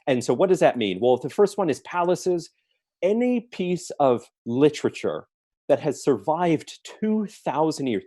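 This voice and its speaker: Earnest man giving a mellow apologetics talk. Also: medium pitch, animated, normal speed, no echo. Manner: earnest, listing points with emphasis. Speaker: apologetics speaker. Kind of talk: forum talk answering questions.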